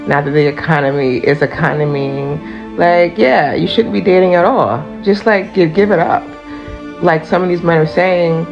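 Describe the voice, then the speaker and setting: A woman giving a blunt, dismissive lecture to men about dating, in a social media video clip. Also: lowish voice. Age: adult. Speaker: commentator. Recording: dull clip with music behind.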